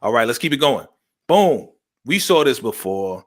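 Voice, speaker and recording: Animated slangy man recapping a show. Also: medium pitch, normal speed. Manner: animated, slangy, acts out characters' lines in shifting voices. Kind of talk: casual recap chat.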